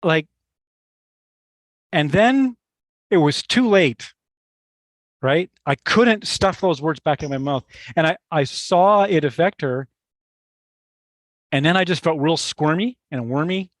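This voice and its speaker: A middle-aged male meditation teacher recounts a story from his own life. His voice sits a little high for a man and sounds dry and close. He speaks reflectively and haltingly, restarting phrases and turning to his listeners with asides. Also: expressive, dry recording. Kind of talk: personal storytelling in a workshop talk.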